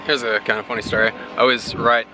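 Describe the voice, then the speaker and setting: A man's voice: medium pitch, fast talker. Australian guy, casual travel vlogger, rambling and profane, wind and traffic noise on a camera mic. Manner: rambling, profane, animated when telling stories. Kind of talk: casual walking vlog. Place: outdoors by a windy beach and city road.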